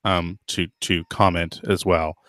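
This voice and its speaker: A man's voice: low voice, level tone, a little slow, fairly bright tone, no echo, studio quality. A man hosting a podcast in casual chat, thoughtful and hedging, with lots of fillers and restarts. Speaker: podcast host.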